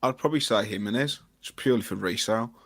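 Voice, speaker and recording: A man's voice: lowish voice, quick pace, fairly bright tone. A man co-hosting a fan show live stream, chatting casually and teasing his guests with lots of laughter.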